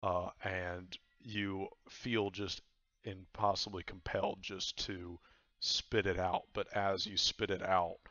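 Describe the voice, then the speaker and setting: A man's voice: low-pitched, flat delivery, slow pace, bright, forceful tone, no room sound, highs cut off. A man running a tabletop game as game master, narrating loosely and laughing often.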